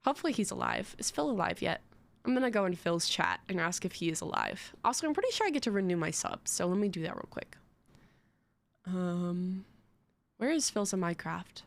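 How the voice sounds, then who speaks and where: A woman's voice: lowish voice, animated, a little fast, vocal fry. A young woman streaming live, chatting in a rambling, giggly, self-mocking way to her chat.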